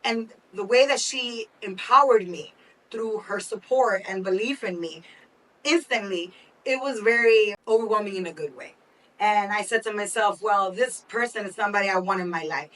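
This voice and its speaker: A woman's voice: medium pitch, moderate pace, a bit bright, far from the mic. A woman co-hosting a talk show, speaking heartfelt and gushing in casual chat. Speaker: co-host.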